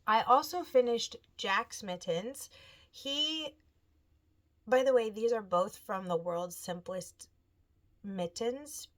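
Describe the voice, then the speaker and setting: A woman's voice: on the high side, takes it slowly. Chatty woman knitting vlogger. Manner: chatty, animated storytelling with quoted voices. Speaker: knitting podcast host. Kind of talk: casual chat.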